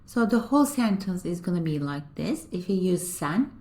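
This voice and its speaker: A woman with a lowish, darkish voice and wide pitch swings teaches a beginner language lesson. She patiently explains the grammar step by step and repeats example sentences slowly.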